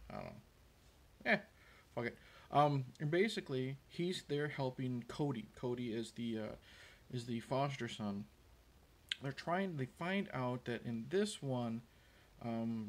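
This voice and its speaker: A man hosting a show, casually recapping a movie scene in a rambling, hesitant way with many fillers and restarts. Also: medium pitch. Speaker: host. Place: room with a window.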